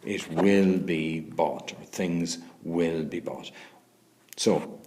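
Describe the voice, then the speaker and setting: Slow, deep-voiced Irish male teacher. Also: steady tone, a little mellow. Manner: patient, spells out letters, asks "okay?" often. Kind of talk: recorded grammar lesson. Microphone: voice-over on a screen recording.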